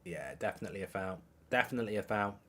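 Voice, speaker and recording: A middle-aged man hosting a live football watchalong, commenting on the match and reading out viewer messages with bursts of excitement. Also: fairly low pitch, racing. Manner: excitable, reads viewer messages aloud, repeats himself.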